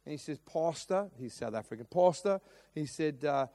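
A man's voice: medium pitch, fast, darkish tone. A middle-aged man preaching a sermon, telling a story with lots of restarts and acted-out quotes. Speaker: pastor.

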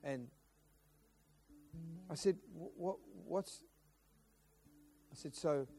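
A man's voice: on the high side, drawn-out words, pauses often, mellow, soft background music. A middle-aged man preaching a sermon, telling a story with lots of restarts and acted-out quotes. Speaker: pastor.

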